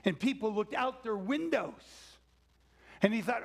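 A man's voice: extremely high pitch, expressive, measured pace, gravelly. A man preaching a sermon, telling stories and dropping to a whisper for emphasis. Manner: dramatic, drops to a whisper for emphasis. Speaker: pastor.

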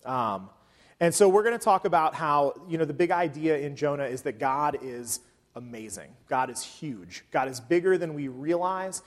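A man preaching a sermon in a relaxed, conversational way, often pausing with "um" between points. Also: on the high side. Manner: conversational, with frequent um fillers. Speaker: pastor. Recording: long hall reverb.

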